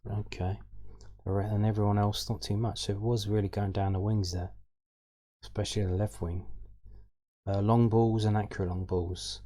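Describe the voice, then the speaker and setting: A man's voice: lowish voice, little pitch movement, moderate pace, warm tone. A man hosting a football fan channel, talking through match statistics in a casual, hesitant way with many ums and restarts. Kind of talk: casual stats rundown.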